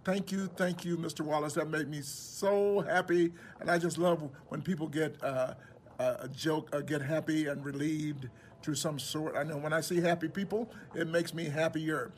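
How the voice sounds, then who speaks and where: A man's voice: on the high side, fairly even intonation, moderate pace, slight background noise. A man recording a cheerful, upbeat video greeting, chatting playfully about his life. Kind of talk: casual recorded message.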